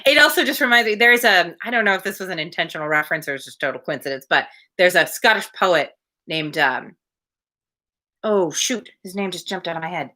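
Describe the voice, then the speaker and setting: A woman's voice: lowish voice, animated, brisk, pushed and bright. A woman reading a short story aloud to listeners, breaking off for casual, chatty asides. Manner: chatty, laughing asides between passages. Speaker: reader.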